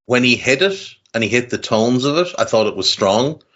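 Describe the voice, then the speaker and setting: A man co-hosting a podcast, talking through a film in casual chat, measured and thinking aloud with repeated words. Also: medium pitch, expressive, a bit bright, dull audio. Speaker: podcast co-host.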